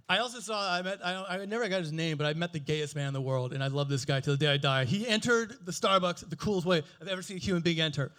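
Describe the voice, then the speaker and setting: High-voiced man doing crude stand-up. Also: fast, few pauses, fairly bright tone. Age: 40s. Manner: crude, playful, self-mocking, riffing with the audience. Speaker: stand-up comedian. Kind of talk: stand-up comedy set.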